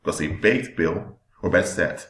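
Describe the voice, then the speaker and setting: A man teaching in a sermon style, slow and deliberate, leaning hard on key words. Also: sits low, a bit bright, echoey room. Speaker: preacher.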